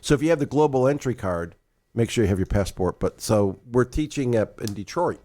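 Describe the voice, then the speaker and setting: Older male co-host, retired, spins animated anecdotes with acted-out dialogue. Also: mid-range voice, fairly quick. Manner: animated, acts out dialogue in storytelling. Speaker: podcast co-host. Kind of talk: casual storytelling chat.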